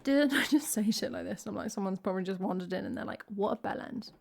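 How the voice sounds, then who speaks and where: A woman's voice: medium pitch, fast, gravelly. A woman from England, a singer-songwriter chatting playfully with wry jokes between songs on her live stream. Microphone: headphones and stream mic.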